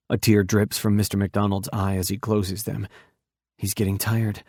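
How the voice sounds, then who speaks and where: Fairly low-pitched and measured, a man's steady narration carries an audiobook. It's a dry, studio-quality recording.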